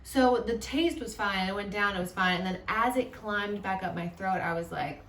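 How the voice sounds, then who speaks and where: A woman's voice: medium pitch, moderate pace, hardly any pauses, fairly bright tone. Laid-back woman vlogger being wry, far from the mic, slight hiss. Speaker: travel vlog co-host. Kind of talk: casual chat. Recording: roomy, from the mic, faint hiss.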